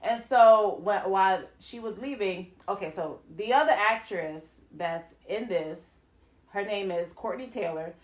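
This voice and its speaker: A woman co-hosting a casual podcast, recapping a film and acting out characters' lines with jumps into a high voice. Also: a little slow, roomy sound. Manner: animated storyteller, acts out quotes in a high voice, laughs often. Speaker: podcast co-host. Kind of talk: casual movie recap chat.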